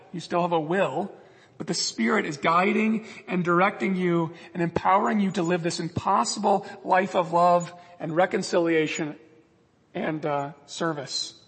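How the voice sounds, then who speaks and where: Gravelly high-voiced male pastor preaching. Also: long reverb tail. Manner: earnest preaching, acts out quoted prayers and God's replies. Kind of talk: sermon.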